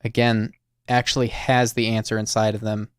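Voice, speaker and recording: A man hosting a call-in listening show, talking slowly and thoughtfully to a caller with many fillers and restarts. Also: fairly low pitch, level tone, clean tone, no room sound, studio quality. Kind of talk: reflective, gentle conversation with a caller.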